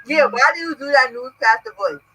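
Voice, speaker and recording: A woman's voice: high-pitched, lively intonation, brisk, bright, forceful tone, slightly rough, no echo, poor audio. A young adult woman hosting a casual chat on a video call from home. She talks bluntly and profanely, often asking "you understand?". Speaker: host.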